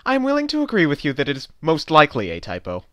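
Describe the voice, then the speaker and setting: Brief: man doing a stern female office clerk for a radio play, pedantic and deadpan, fast lively delivery, slightly high, dry close sound. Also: no echo. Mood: deadpan officious. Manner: deadpan, pedantic, coolly condescending. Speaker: voice actor. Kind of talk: amateur voice-over radio-play acting.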